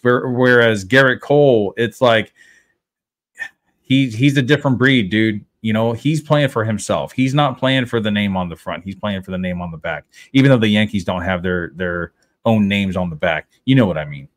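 Relaxed man in casual sports chat. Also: fairly low pitch, normal speed. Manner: relaxed, thinks aloud with fillers. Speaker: podcast co-host.

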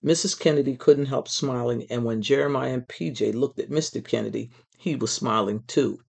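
A storyteller reading a children's book aloud in an expressive, measured way. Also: mid-range voice, vocal fry.

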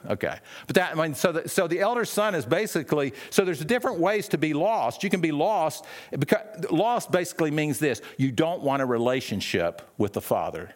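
A man's voice: a little high, animated, fairly quick, hardly any pauses. A man preaching a sermon in a conversational way, with many restarts and questions to the listeners. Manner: acts out the brothers' lines in a raised, sharp voice.

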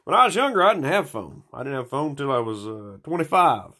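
A man in a small room at home talking into a phone, rambling and swearing in a slightly hoarse stream of consciousness. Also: mid-range voice, very animated, quick pace, bright, forceful tone. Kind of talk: rambling casual monologue.

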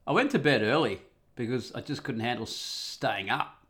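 A man's voice: medium pitch, lively intonation, moderate pace, a bit bright. A man telling a personal story in a casual, rambling monologue, wry and full of swearing. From Australia.

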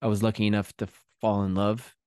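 A man's voice: fairly low pitch, a little fast, clear, resonant tone, dry recording, studio quality. Chatty man guesting on a podcast. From Connecticut, USA. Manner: chatty, restarts, animated storytelling. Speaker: podcast guest, chef and author. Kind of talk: casual interview chat. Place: home in the English countryside.

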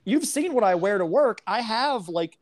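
A woman's voice: medium pitch, animated, normal speed. A woman talking as a podcast guest in casual, candid chat, rambling with many fillers.

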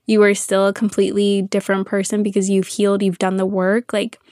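A woman's voice: mid-range voice, monotone, brisk, a little mellow, dry recording, clean studio sound. A young woman hosting a solo podcast as a coach, talking earnestly and emotionally, often repeating words for emphasis. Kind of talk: reflective solo podcast monologue.

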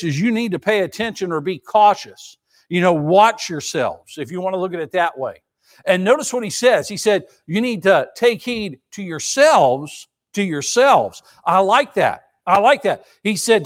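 High-voiced emphatic preacher man. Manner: emphatic, repetitive preaching with rhetorical questions. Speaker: pastor. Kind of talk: sermon.

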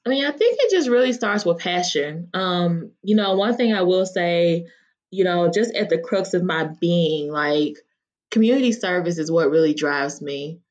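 A woman's voice: lowish voice, animated, normal speed. A woman from Mississippi, a guest on a podcast, talking in an earnest, heartfelt way with many fillers. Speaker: podcast guest, chapter member. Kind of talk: casual interview talk. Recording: dull lo-fi sound.

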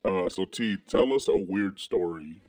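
Deadpan podcast co-host, man, very deep voice, dry sound. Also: measured pace, no echo. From Wyoming. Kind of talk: crude comedic podcast banter.

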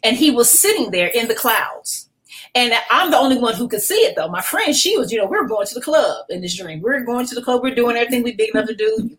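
A middle-aged woman pastor, a podcast guest, telling a personal testimony in an animated, emotional way, often restarting her sentences. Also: on the high side, fast, low-quality recording.

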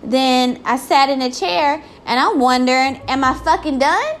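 A woman's voice: high-pitched, lively intonation, measured pace, slight background noise. A woman ranting in a casual vlog, exasperated and full of swearing.

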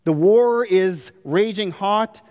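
A man's voice: high voice, slow pace, a little mellow, big-room sound. A man preaching a sermon earnestly, acting out prayers with rising drama. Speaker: pastor.

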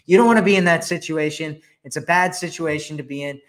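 A man's voice: a little high, fast talker, fairly bright tone. A man hosting a dating advice podcast, talking casually with many fillers and restarts. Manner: chatty, lots of fillers and restarts.

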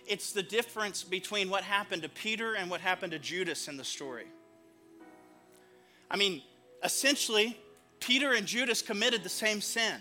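A man's voice: high-pitched, pushed and bright. A man preaching a sermon as pastor, earnest and emphatic, repeating phrases for weight.

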